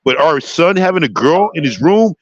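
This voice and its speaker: A man's voice: fairly high pitch, lively intonation, moderate pace, dry recording. A stern grown superhero and father, loosely voiced by a man retelling a scene. He lectures firmly, then eases into a proud, reasoning tone. The sound is dry and close, on a slightly dull lo-fi mic.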